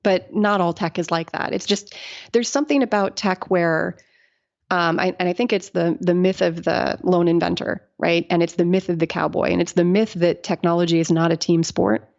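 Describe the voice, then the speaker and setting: Woman, middle-aged, lower voice, podcast guest, animated storytelling, acts out quotes, muffled lo-fi audio. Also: moderate pace, creaky. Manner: animated, laughing often, acting out quoted people. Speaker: guest engineer. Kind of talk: casual interview storytelling.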